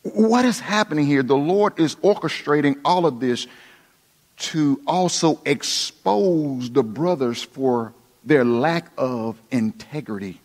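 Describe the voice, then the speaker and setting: A man preaching a sermon, dramatic, dropping to hushed tones and rising again for emphasis. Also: on the high side, takes it slowly. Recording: long reverb of a large hall.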